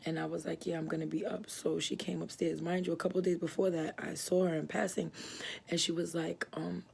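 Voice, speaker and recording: A woman's voice: on the low side, level tone, fast, creaky, darkish tone, slight background noise. A woman giving a personal religious testimony, earnest and rambling, with many fillers and restarts, moved as she tells it. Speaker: church member giving testimony.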